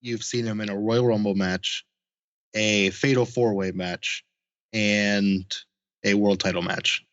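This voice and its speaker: A man's voice: fairly low pitch, fairly even intonation, slow pace, a bit bright, no echo, muffled recording. A man co-hosting a podcast, recapping in a laid-back, chuckling way. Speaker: podcast co-host. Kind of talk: casual chat.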